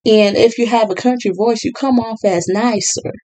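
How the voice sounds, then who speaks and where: A woman's voice: on the high side, fairly even intonation, moderate pace, darkish tone, low-quality recording. A woman giving casual political commentary in an exasperated, sarcastic tone, with lots of fillers. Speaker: commentary vlogger.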